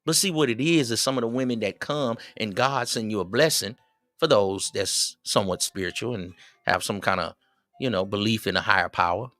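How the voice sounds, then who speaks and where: A middle-aged man, hosting a livestream and giving preachy, animated advice to his viewers. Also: on the low side, a little fast, no room sound. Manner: preachy, animated, quotes others in raised voices. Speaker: livestream host. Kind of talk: casual advice talk to viewers.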